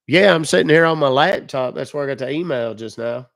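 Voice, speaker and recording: A man's voice: medium pitch, fairly quick, vocal fry, fairly bright tone, no room sound. A man playing a gullible, plainspoken older man who rambles in homespun country phrases. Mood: trusting. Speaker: scam baiter.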